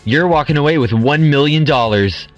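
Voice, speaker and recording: A man's voice: fairly high pitch, normal speed, dull audio, faint music behind, natural voice. A man voicing a teasing male game show host who is secretly a glob of ice cream, in a comedic audio drama. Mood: smug. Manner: teasing, playful.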